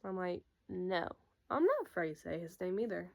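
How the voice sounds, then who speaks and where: A young woman in casual storytime chat, retelling a breakup in an animated way and acting out what everyone said. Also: lowish voice, normal speed, gravelly. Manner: animated, quotes people with "I'm like". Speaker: YouTuber.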